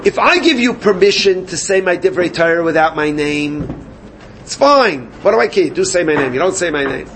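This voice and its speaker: A man teaching a Gemara class, animated and questioning his students. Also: sits high, moderate pace, slight background noise. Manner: animated, questioning students, mixes Yiddish and Hebrew terms. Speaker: Talmud teacher.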